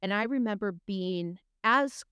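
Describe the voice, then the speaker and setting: A woman's voice: mid-range voice, a little slow, bright, forceful tone, clean tone, no room sound. A middle-aged woman co-hosting a podcast, talking frankly in a casual chat, often hesitating and restarting her sentences. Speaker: podcast co-host.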